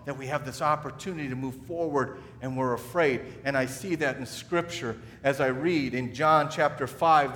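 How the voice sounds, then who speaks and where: A man delivers a sermon with a fairly high-pitched voice. He talks the way people talk when telling a story, stumbling and restarting his phrases. His words ring out with the long reverb of a big church hall. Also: a bit bright. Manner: conversational storytelling with repeated restarts. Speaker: pastor.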